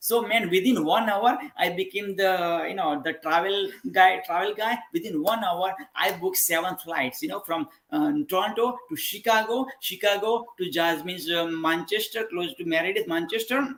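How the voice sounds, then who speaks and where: A man from India hosting and telling a story with excitement, repeating words and saying "man" often. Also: high-pitched, moderate pace, hardly any pauses, reverberant. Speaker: co-host. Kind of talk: casual storytelling.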